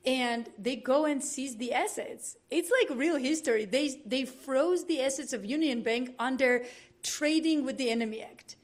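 A woman from Georgia telling stories in a lively, fast, heated casual conversation, laughing now and then. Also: high-pitched. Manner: animated, quick storytelling with laughs.

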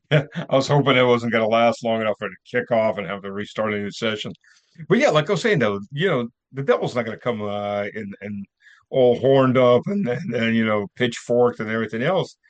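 A man's voice: mid-range voice, highs cut off. A man hosting a casual remote interview, often chuckling and stammering as he restarts his sentences. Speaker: host. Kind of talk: casual interview chat over a remote call.

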